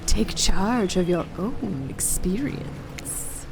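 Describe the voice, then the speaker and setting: A woman voicing the slow, luring voice of an eerie talking ocean in a video game. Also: medium pitch, animated, gravelly, noisy background, voice pushed down, exaggerated voice. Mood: eerie coaxing.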